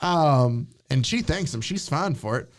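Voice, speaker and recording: A man's voice: on the high side, lively intonation, measured pace. A man hosting a casual comedy podcast, reading romance comic lines aloud in playful put-on voices and laughing along. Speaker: podcast host.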